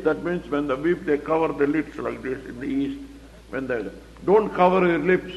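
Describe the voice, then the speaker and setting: A man's voice: fairly high pitch, normal speed, vocal fry, darkish tone. A man teaching the Bible verse by verse, explaining it plainly and asking rhetorical questions. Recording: echoey hall, dull lo-fi recording.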